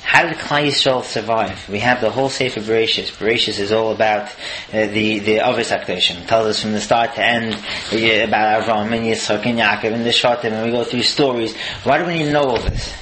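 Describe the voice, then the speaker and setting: A man gives an earnest Torah lesson and keeps asking rhetorical questions. His voice is bright and forceful. A faint hiss of noise sits under the recording. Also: fairly low pitch, fairly even intonation, a little fast, low-quality recording. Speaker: Torah teacher.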